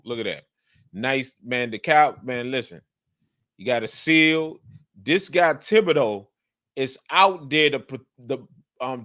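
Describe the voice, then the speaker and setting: Emphatic man breaking down game film. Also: mid-range voice. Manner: repetitive, emphatic, coaching tone, breaks into animated outbursts. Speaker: football film analyst.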